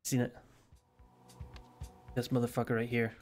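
A man's voice: mid-range voice, completely flat delivery, unhurried, a little mellow, faint music behind. A Scottish man streaming a game live, joking crudely and reading game text aloud hesitantly. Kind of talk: casual live-stream commentary.

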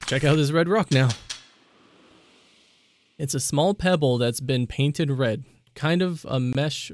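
A man's voice: medium pitch, a little mellow, slight background noise. A young man commentating a let's play of a horror game, jumping between panicky yelps and joking asides. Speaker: gaming YouTuber.

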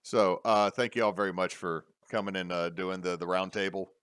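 A man hosting a casual podcast, rambling with many fillers and pauses. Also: low voice, steady tone, a bit bright, clear, resonant tone, no room sound, clean studio sound. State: hiccups. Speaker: podcast host.

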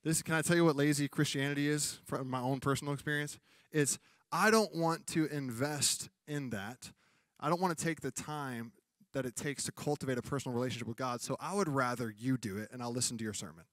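A man's voice: medium pitch, brisk, fairly bright tone, no echo, clean studio sound. A man preaching a sermon as pastor in a church, talking conversationally and acting out funny exchanges. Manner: conversational preaching with comic acted-out quotes.

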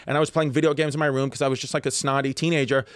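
A man in his thirties with a New York accent, telling stories rapidly in a profane, animated way. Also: medium pitch, clear, resonant tone, dry recording. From Staten Island, New York. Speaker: comedian guest. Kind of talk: casual storytelling chat.

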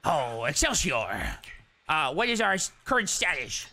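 Goofy, theatrical man with a bright voice. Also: on the high side, wildly swooping pitch, a little slow, creaky. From Texas. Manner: silly, theatrical, swings between put-on voices. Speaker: game player. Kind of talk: goofy in-game voice chat role-play.

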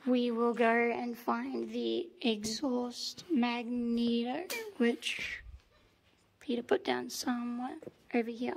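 Holding her phone in one hand, an Australian tank restoration mechanic talks through a workshop tutorial next to a tank engine. Her fairly high, slightly hoarse voice is flat and slow as she patiently explains each step, repeating what matters most.

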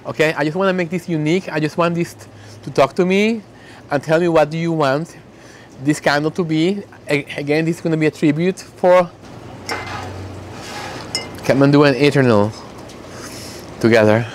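A man making candles, talking in an emotional, heartfelt way and slowly reading out fragrance notes. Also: fairly high pitch, a little hiss or hum. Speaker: candle maker. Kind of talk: casual vlog talk.

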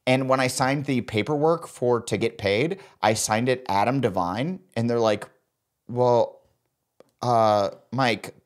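A man in his thirties tells a comic story in relaxed chat, voice at a middling pitch. He keeps jumping into the voices of the people in his tale with animated energy. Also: takes it slowly. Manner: animated, acts out quoted voices. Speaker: podcast co-host.

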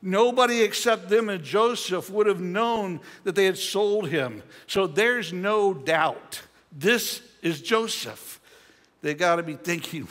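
An older male pastor with a high, light voice delivers a conversational sermon. He reads the scripture aloud, then retells it with chatty, playful asides. His words ring out with a long reverb through a church sanctuary. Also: fairly bright tone.

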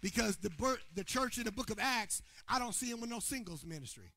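A preacher man delivers a sermon to a live congregation, his voice bright and cutting. He calls out to the room and trades loud shouted points for low, quiet asides. The sound is close and dry. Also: expressive, a little fast, hardly any pauses, no room sound. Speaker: pastor. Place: church sanctuary before a congregation.

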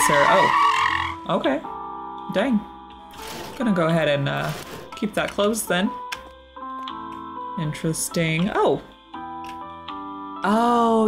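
A woman's voice: fairly low pitch, expressive, slow pace, vocal fry, long pauses. Woman gamer talking to herself thru a spooky game, jumpy and chatty, music going in the background. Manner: reacts nervously aloud, talks to characters. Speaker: gaming channel host. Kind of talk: let's play commentary.

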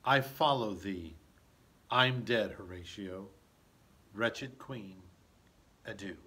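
A wounded prince speaks his last lines slowly and with weight, as a man reads him aloud. The voice sits in a middle male pitch and leans hard on key words. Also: animated, sharp tone, full character voice. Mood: grave. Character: dying young prince, bitter and resolute.

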